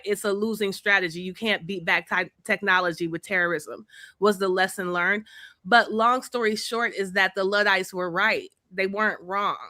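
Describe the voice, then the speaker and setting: A woman's voice: medium pitch, bright, forceful tone, dry recording, studio quality. A woman co-hosting a podcast, explaining history in a casual, chatty way with fillers and the odd swear. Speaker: podcast co-host.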